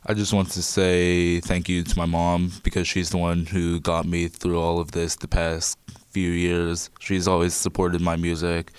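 Very deep-voiced teenage boy. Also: smooth, no room sound. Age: teens. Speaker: student musician guest. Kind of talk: radio interview.

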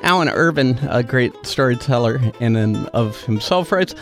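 A man's voice: mid-range voice, lively intonation, moderate pace, soft background music. A man hosting a casual interview, hesitant with many fillers and restarts. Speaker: host.

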